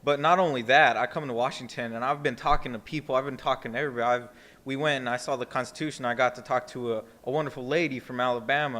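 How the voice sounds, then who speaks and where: A man's voice: mid-range voice, fairly bright tone. Earnest rambling young man from Texas. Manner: rambling, earnest, many fillers. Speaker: student speaker. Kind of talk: informal conference speech. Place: museum conference hall.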